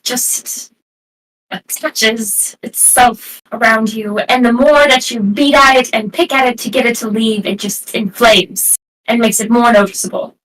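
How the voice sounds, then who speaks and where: A woman's voice: on the high side, fairly even intonation, moderate pace, a bit bright, rough recording. A woman player in a tabletop game, speaking in casual role-play banter with a dry, sarcastic manner.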